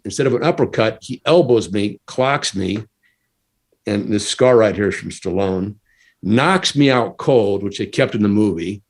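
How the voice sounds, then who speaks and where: A middle-aged American man, a former stuntman, telling a story casually, laughing often and acting out quotes. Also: mid-range voice. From United States.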